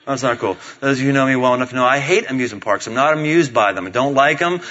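A middle-aged man preaching a sermon, telling stories in an animated way and acting out the voices of his family. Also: mid-range voice, fast. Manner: animated storytelling, acts out voices of family members. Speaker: pastor. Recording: dull lo-fi sound.

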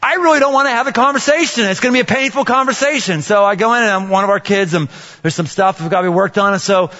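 Animated male pastor in a reverberant hall. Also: high voice, fast talker. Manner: animated, joking, acts out voices. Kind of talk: sermon. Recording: dull sound with long hall reverb.

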